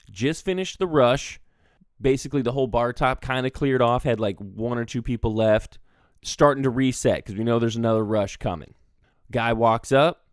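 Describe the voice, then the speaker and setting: A man's voice: medium pitch, smooth, no echo, clean studio sound. A man telling a casual story about his job as a bartender, acting out the customers' lines with energy. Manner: animated, acts out customers' lines.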